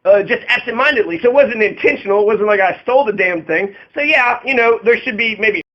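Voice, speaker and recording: A man with a strikingly high voice talks in a profane, aggrieved ramble, stacking fillers and restarts as he complains. He is a political candidate, and his speech comes through on a dull, lo-fi recording. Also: a little fast. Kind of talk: angry monologue about his arrests.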